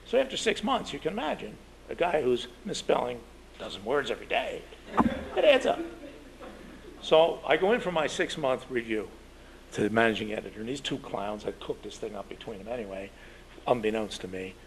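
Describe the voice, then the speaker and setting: A man's voice: mid-range voice, sing-song, a little fast, creaky, slight background noise. An older man, a veteran journalist, telling anecdotes in a rambling talk full of fillers and restarts.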